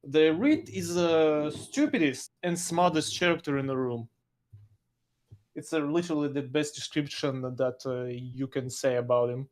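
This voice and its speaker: A man speaking halting English. He is a guest in a casual chat, with frequent pauses and loose grammar. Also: a little high. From Russia. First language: Russian. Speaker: podcast guest.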